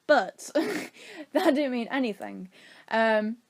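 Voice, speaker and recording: A woman's voice: on the high side, sing-song, slow. A young British woman casually telling a rambling story time, acting out quotes from her childhood. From Britain. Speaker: vlogger.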